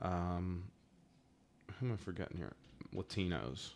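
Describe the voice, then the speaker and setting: A man's voice: low voice, a little slow, a little hiss or hum. A man co-hosting a comedy podcast, chatting casually and telling crude stories. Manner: crude, storytelling, animated. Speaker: podcast co-host.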